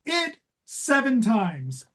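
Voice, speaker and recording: Slow breathy woman cohost, sarcastic, swears constantly, does little voices for the characters. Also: fairly high pitch, huge pitch swings. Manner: sarcastic, profane, quotes characters in put-on voices. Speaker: podcast co-host. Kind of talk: casual podcast chat recapping a TV episode.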